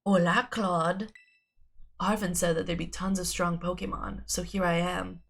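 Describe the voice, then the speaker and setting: A woman's voice: fairly low pitch, flat delivery, measured pace, gravelly. A woman with a sore throat reading the lines of an eager, battle-loving teenage girl in a peppy way. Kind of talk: reading game dialogue aloud.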